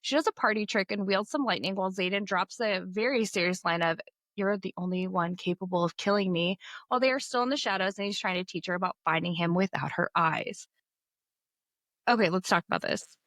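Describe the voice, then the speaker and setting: A woman's voice: mid-range voice, fairly quick, a bit bright, no echo. Woman podcast co-host, chatty recap voice, laughs at her own slips, dry close mic. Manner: giggly, self-deprecating, stumbles over words. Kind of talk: casual book-club chat.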